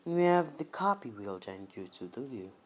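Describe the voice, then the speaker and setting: A man voicing a gruff, proud giant boss toad, in a casual, barely changed storytelling voice. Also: medium pitch, big pitch swings, moderate pace.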